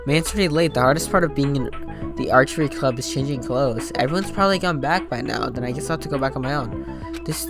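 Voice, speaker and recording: A man's voice: mid-range voice, fast talker. A man playing through a game, reading its dialogue aloud and reacting in casual slang. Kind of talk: let's play commentary with read dialogue. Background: game music.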